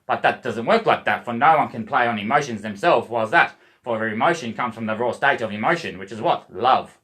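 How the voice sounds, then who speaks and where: A man's voice: medium pitch, expressive, fast talker, a bit bright. Rambling, swearing Australian man. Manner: swears constantly, rambling wordplay, addresses "boys". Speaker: vlogger. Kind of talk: rambling monologue to camera.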